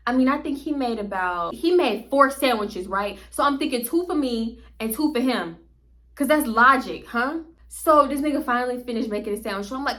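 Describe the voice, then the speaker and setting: Speaking in a slightly high voice, a woman vlogger tells her viewers a story in a casual, animated way, laughing often and addressing them directly.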